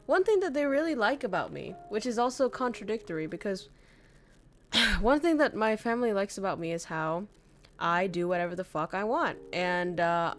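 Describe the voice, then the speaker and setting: A young woman from northern Vietnam, candidly chatting with viewers as a streamer, swearing freely and laughing often. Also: mid-range voice. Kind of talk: casual chat reading viewer messages.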